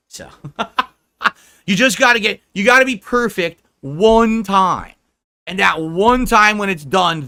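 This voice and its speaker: A man's voice: on the high side, bright, forceful tone. A man livestreaming, ranting in a profane, mocking, combative way.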